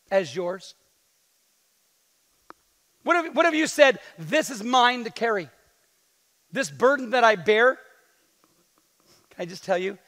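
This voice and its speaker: A man preaching a sermon as pastor, lively and joking with playful asides to the congregation. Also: high voice. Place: church sanctuary. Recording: long hall reverb in a church.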